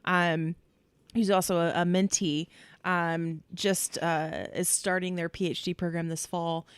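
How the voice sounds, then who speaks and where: Female podcast guest with a lowish, smooth voice, thoughtful and word-searching, recorded dry. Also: little pitch movement, no echo. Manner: thoughtful, pausing to find words. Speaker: guest with a doctorate. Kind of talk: casual conversational interview.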